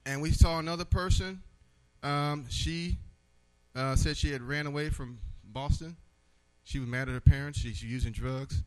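Man telling an animated church testimony. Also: fairly high pitch, normal speed, clean tone, rough recording. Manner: animated storytelling, acts out the voices. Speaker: church member giving testimony.

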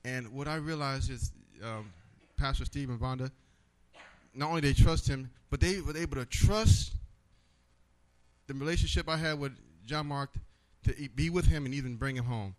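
A man giving a personal testimony in church, telling his story with animated storytelling and acting out the voices. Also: medium pitch, normal speed, rough recording.

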